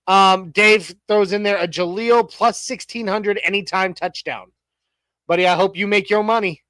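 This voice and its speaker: Man, sports talk co-host, high voice, dry close sound, rambling, joking. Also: fairly even intonation, moderate pace, a bit bright, dry recording, poor audio. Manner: rambling, lots of restarts and fillers, joking. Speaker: podcast co-host. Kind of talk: casual sports talk show chat.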